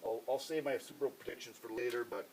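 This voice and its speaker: A man in the middle of the male range co-hosts a laid-back sports podcast. He teases his partner in a dry way and talks through listener mail. Background noise runs clearly under his voice. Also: mid-range voice, steady tone, quick pace, darkish tone, distant mic, poor audio. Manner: dry, teasing banter. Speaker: podcast co-host. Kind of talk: casual sports chat.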